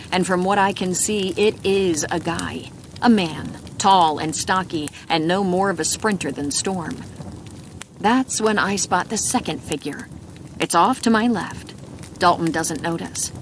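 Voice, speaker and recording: A woman narrating a first-person mystery audiobook in a calm, measured reading. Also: on the low side. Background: crackling fireplace.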